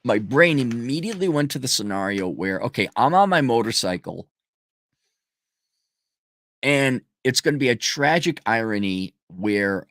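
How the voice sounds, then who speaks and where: A man's voice: mid-range voice, a bit bright, no room sound, clean studio sound. A man giving a casual, blunt, profane rant in a sarcastic tone. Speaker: commentator. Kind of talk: casual ranting monologue.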